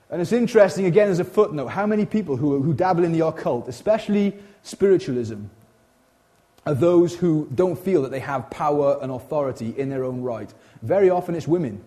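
A man preaching an informal sermon, animated and chatty, often breaking off into asides and restarting his sentences. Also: fairly high pitch, brisk. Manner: animated, chatty, frequent self-interruptions and asides.

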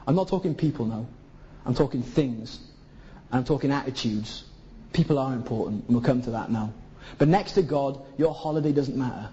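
A man's voice: mid-range voice, moderate pace, dark tone. A man from Zimbabwe preaching a sermon, pleading with his listeners through a stream of rhetorical questions. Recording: dull lo-fi recording.

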